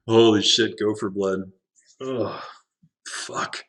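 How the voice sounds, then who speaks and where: A man giving casual commentary on his own card game, thinking out loud, laughing often and swearing now and then. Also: lowish voice, lively intonation, unhurried, long pauses. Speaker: Magic Arena drafter, channel host.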